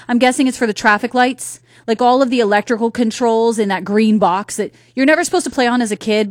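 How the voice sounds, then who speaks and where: A chatty woman radio host talks straight to her listeners in a fairly high voice, often tossing questions at them. The studio sound is close and dry. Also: no room sound. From North Carolina. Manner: chatty, conversational, asks the audience questions. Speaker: radio talk show host. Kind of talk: solo radio talk commentary. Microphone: studio microphone.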